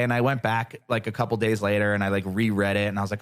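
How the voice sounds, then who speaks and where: A man as a podcast guest, telling a story in casual chat, animated, sarcastic and freely profane. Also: fairly low pitch, fast, few pauses, clear, resonant tone, dry recording.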